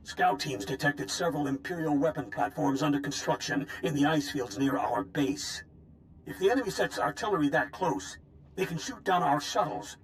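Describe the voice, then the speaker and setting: A man voicing a gruff veteran army general in a video game, with a grizzled, old-sounding voice and clipped military orders. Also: on the high side, moderate pace, slight background noise, lightly acted. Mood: stern.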